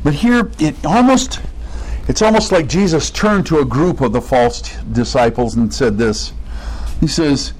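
A man's voice: on the high side, expressive, unhurried, a little mellow, poor audio. A man preaching a sermon in an earnest, conversational way, reading scripture aloud and explaining it.

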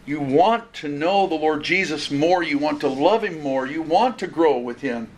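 A man's voice: fairly high pitch, moderate pace, slight background noise. A man preaching an expository sermon, earnest and conversational, often restarting phrases.

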